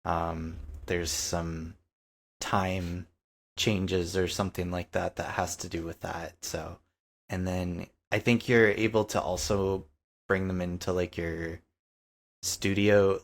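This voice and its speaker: Brief: male podcast co-host, low voice, unhurried, lots of ums. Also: level tone. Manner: hesitant, many fillers. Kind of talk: casual chat.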